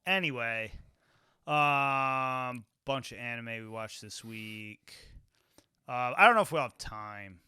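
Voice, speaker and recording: Bright-voiced man joking bluntly. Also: mid-range voice, slow pace, clear, resonant tone, no echo. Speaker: podcast co-host. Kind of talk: casual podcast chat.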